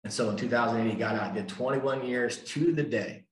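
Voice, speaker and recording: A man's voice: medium pitch, brisk. An older man speaking at a recovery meeting, telling his story emphatically and repeating key lines for effect. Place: meeting room. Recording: echoey room.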